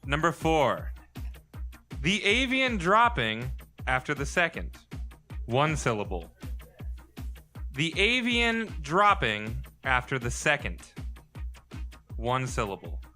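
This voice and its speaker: A man hosting a live pub trivia game, reading clues slowly and repeating each one. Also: mid-range voice, big pitch swings, sharp tone, faint music behind. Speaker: quiz host. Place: pub stage with live audience.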